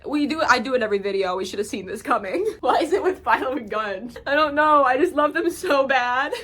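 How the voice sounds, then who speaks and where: Gushing high-voiced woman recapping a show. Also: lively intonation, fast, fairly bright tone. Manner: gushing, chatty, fills talk with "like". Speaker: show reviewer. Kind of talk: casual episode breakdown.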